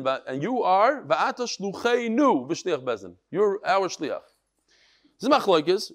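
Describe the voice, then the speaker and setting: Male Talmud teacher, high and very animated voice, acts out the quotes in his lesson. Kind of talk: Talmud class lecture.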